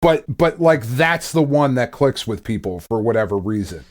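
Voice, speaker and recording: A man's voice: medium pitch, expressive, moderate pace. A man hosting a casual podcast, rambling and swearing with frequent laughs. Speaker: podcast host.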